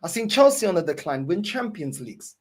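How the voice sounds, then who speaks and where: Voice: medium pitch, big pitch swings, brisk. A football fan host ranting angrily to camera, swearing and repeating points. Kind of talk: angry fan rant to camera.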